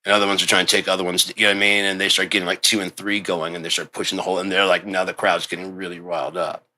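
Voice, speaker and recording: A man delivering a rambling, profane monologue, swearing constantly and breaking into loud outbursts. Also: sits low, little pitch movement, racing. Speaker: show host.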